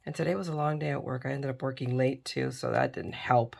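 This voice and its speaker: This middle-aged crafting host speaks fairly quickly in an extremely low, steady voice with vocal fry and a darkish tone. She chats casually while working, tired and yawning.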